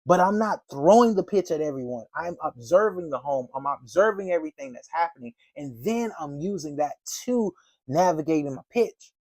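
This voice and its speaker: A man's voice: a little high, animated, normal speed, darkish tone, no room sound. A man giving door-to-door sales training in a casual, slangy way, acting out doorstep chats. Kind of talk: animated sales training talk.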